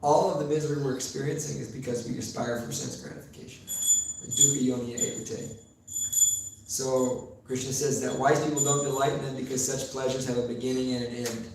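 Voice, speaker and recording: A man giving a sermon in a temple hall, telling stories with pauses and fillers, recorded far from the mic in a very echoey room with faint noise. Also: medium pitch, steady tone, a little mellow. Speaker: preacher.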